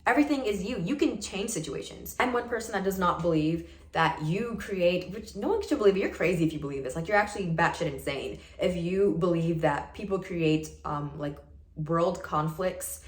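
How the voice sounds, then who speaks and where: A woman's voice: on the low side, moderate pace, roomy sound. A woman in her early twenties telling a personal story to camera in a casual, earnest and emphatic way, full of "like". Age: early 20s. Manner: earnest and emphatic, heavy use of "like". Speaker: vlogger.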